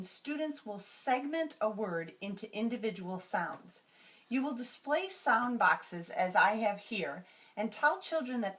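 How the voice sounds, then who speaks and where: A woman explaining classroom reading routines to teachers, slowly and carefully, and modeling each word sound by sound. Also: mid-range voice, fairly bright tone. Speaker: teacher trainer.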